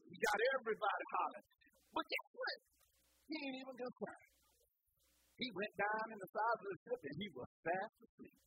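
A woman preacher, delivering an animated, colloquial sermon full of call-and-response. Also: a little high, brisk, pauses often, slightly rough, dry recording, rough recording.

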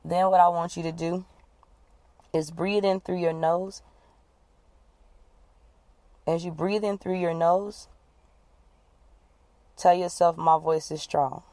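A woman coach leading listeners through a guided breathing exercise, giving calm, repeated instructions. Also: on the low side, takes it slowly, long pauses, dry recording. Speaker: wellness coach.

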